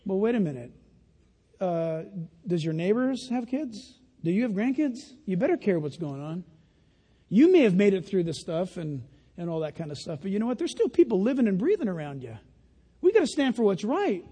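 An older man preaching a sermon as pastor of his church, animated and folksy, acting out the voices he quotes. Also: high-pitched, fairly quick. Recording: long reverb of a church hall.

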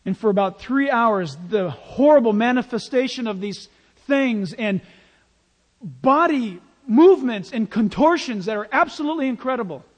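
Male pastor, high-pitched, emphatic storytelling sermon, long reverb of a big church. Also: animated, moderate pace. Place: large church.

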